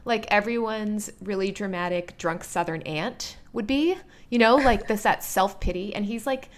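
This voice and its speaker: A woman co-hosting a casual chat, retelling a plot in an animated, blunt, dramatic way. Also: medium pitch, normal speed. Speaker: podcast co-host.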